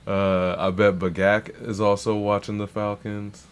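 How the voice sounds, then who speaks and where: A man's voice: lowish voice, flat delivery, unhurried, a little hiss or hum. A man hosting a livestream, reacting to rap verses in loose, profane, rambling casual talk full of restarts.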